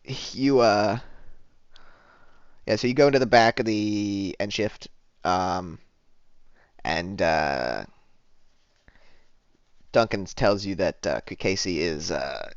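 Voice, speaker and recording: Man game master, rambling narration; low voice, lo-fi dry recording. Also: creaky, no room sound. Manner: rambling, lots of uh and um. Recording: dull lo-fi dry audio.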